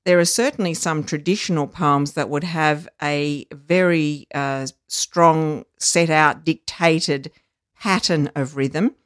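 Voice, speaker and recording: An educator explains things in a measured, teacherly way, often pausing on um and uh. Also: mid-range voice, steady tone, dry recording, clean studio sound. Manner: measured, teacherly, frequent ums and uhs. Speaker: literacy educator. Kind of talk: explanatory podcast chat.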